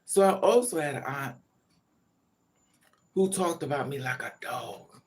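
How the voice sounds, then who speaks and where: A man's voice: medium pitch, lively intonation, unhurried. A man telling candid personal family stories to camera in a blunt, profane, emphatic way, with frequent asides. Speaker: vlogger. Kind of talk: candid personal storytelling monologue.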